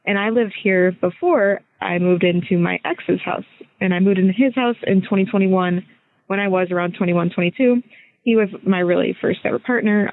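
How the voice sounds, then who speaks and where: A woman's voice: fairly low pitch, creaky. A woman in her twenties leaves a casual, rambling voice message for a podcast, hesitating and correcting herself as she goes. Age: 20s. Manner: rambling, hesitant, self-interrupting. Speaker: listener caller sending a voice message. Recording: thin phone-line sound.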